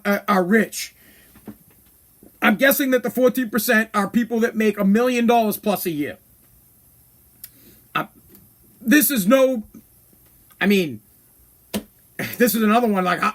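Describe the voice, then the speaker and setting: Blunt ranting man, high-pitched. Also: fairly bright tone. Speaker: podcast host. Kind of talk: casual opinion monologue.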